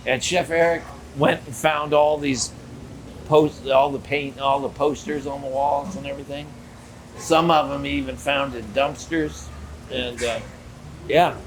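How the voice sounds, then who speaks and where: A man's voice: mid-range voice, a little slow, a little hiss or hum. An older man, a theme park character performer telling stories in a casual interview and acting out the dialogue. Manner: animated storyteller acting out dialogue.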